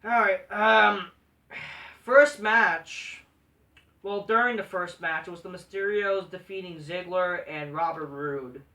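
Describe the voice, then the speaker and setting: Brief: woman host, wrestling review rant, sharp bright tone, swears a lot, sarcastic, off-mic slightly. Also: fairly low pitch, slow pace, distant mic. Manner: profane, repeats "like" and restarts often, sarcastic. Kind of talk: ranting show review.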